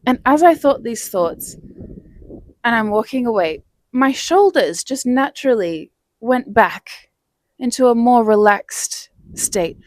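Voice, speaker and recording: A woman's voice: fairly high pitch, animated, slow, no echo. A woman vlogger telling a personal story in a casual, chatty way, laughing between phrases. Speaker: self-help vlogger.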